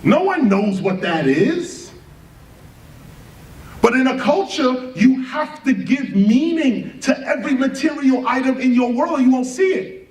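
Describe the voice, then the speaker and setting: A man's voice: very high voice, animated, measured pace, darkish tone. A man giving a lecture to an audience, firing rhetorical questions and spelling words out letter by letter for emphasis. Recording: roomy, distant live lecture recording with faint ambience.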